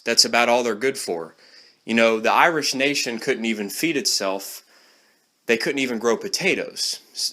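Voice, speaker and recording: A man's voice: on the low side, sharp tone. A man giving a blunt, scornful opinion monologue straight to the camera. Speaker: vlogger.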